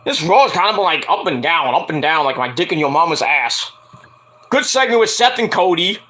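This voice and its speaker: Animated high-voiced man reviewing wrestling. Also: brisk. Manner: animated, laughing often, profane, playfully mocking. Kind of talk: casual reaction commentary.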